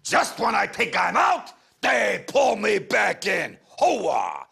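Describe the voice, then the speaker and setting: A man's voice: sits high, wildly swooping pitch, slow pace, gravelly, raised voice, over music, exaggerated voice. A man impersonating a swaggering tough-guy movie gangster, bellowing catchphrases. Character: shouting tough-guy male film gangster. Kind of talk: comic impression sketch.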